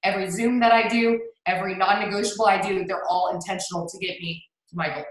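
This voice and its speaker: A woman giving an energetic motivational talk as a guest on a video call, who laughs often and gets hyped. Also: medium pitch, quick pace, heavy reverb, rough recording. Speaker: guest speaker.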